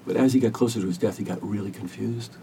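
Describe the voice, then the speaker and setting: Podcast guest: a man with a low, gravelly, mellow voice, gentle and earnest, heard a bit off-mic over a faint rumble. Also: recorded from a distance. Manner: earnest, gentle, measured storytelling. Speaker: hospice caregiver, podcast guest. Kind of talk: reflective storytelling interview.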